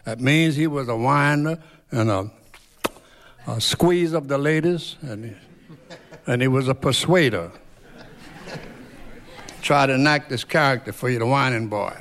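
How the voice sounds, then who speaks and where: Slow folksy man over banjo. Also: medium pitch, a crowd in the background. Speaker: banjo player and singer. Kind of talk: spoken introduction on stage. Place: concert hall stage. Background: banjo playing.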